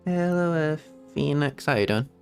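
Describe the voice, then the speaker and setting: A man's voice: a little high, animated, normal speed, vocal fry, soft background music. Playful man streaming a game. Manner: playful, rambling, laughs often. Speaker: VTuber streamer. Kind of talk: casual live game commentary.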